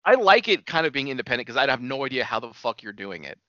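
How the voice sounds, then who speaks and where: A man co-hosting a podcast in relaxed, joking chat, swearing casually now and then. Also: medium pitch, fast, no echo, muffled recording. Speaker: podcast co-host.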